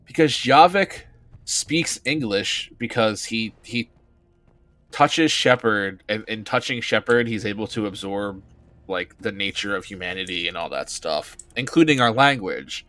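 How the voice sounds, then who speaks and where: A man's voice: on the low side, animated, a little slow, pushed and bright, no echo. A man streaming a video game, talking casually in a rambling, hesitant way with blunt opinions. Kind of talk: casual commentary over a game.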